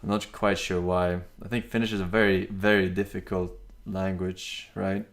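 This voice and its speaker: A man's voice: deep voice, level tone, moderate pace. A male streamer chatting casually during a reaction stream, rambling and restarting often as he reads out names from chat.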